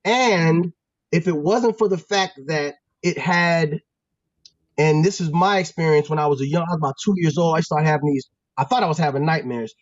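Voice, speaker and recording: Man, high voice, animated, slangy storytelling, dry close sound. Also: normal speed, dry recording, highs cut off. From Pennsylvania. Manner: animated, slangy, many restarts. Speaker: former football player, guest. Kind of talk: casual storytelling.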